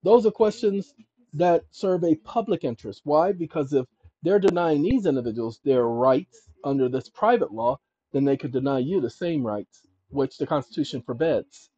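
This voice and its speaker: A man hosting his own channel, walking viewers through legal paperwork on his screen in an emphatic way, often calling them "ladies and gentlemen" and checking in with "okay?". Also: fairly high pitch, lively intonation, normal speed, slightly rough, dry recording. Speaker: channel host giving legal advice. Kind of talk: instructional screen-share talk. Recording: dull lo-fi recording.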